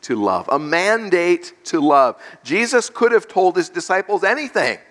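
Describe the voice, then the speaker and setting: A male pastor preaching a sermon, slow and deliberate, stressing key words through repetition. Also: high voice, sing-song, a bit bright.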